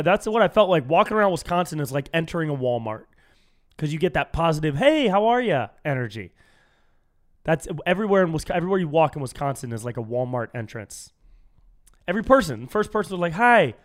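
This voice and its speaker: Young male comic host from California, loose and animated, slightly high voice, jumps into silly voices for quoted strangers. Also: quick pace. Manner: animated storytelling, acts out quoted strangers in higher voice. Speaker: comedian podcast host. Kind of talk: solo comedy podcast monologue.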